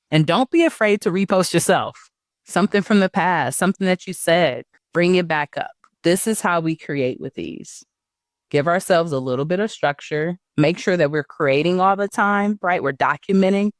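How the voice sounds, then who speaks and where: Male coach with a higher pitch, talking loosely and conversationally to students in a dry, close recording. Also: no room sound. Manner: conversational, often asks "right?" and says "y'all". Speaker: business coach. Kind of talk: casual online teaching talk.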